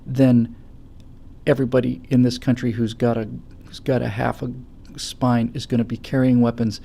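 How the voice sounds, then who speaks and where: A man hosting a political talk show, giving impassioned commentary with stammering restarts that build to loud, forceful stretches. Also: medium pitch, level tone, normal speed, vocal fry, a little hiss or hum. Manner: forceful, stammering restarts, rising to near-shouting. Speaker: show host.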